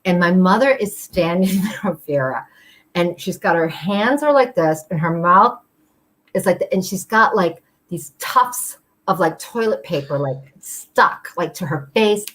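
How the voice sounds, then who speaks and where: A woman's voice: fairly low pitch, expressive, unhurried, fairly bright tone. A woman telling a personal story at a live storytelling show, chatty and full of fillers, acting out the voices of the people she quotes.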